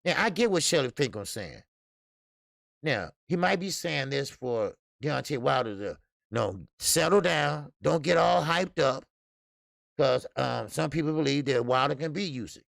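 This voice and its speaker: A man's voice: a little high, expressive, unhurried, creaky, a bit bright, no echo, clean studio sound. A man hosting a casual boxing live stream, blunt and profane, laughing often and greeting chat viewers. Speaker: boxing show host.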